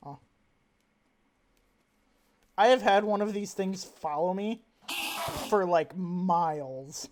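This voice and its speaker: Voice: medium pitch, very slow, pauses often, a little mellow. A gamer giving casual let's-play commentary, rambling and chatting to in-game animals. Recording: audible background noise.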